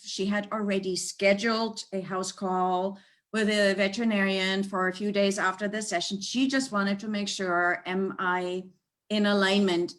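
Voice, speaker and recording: A woman working as an animal communicator, telling stories in an animated, conversational way and laughing often. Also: mid-range voice. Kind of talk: storytelling in a conversational interview. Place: United States.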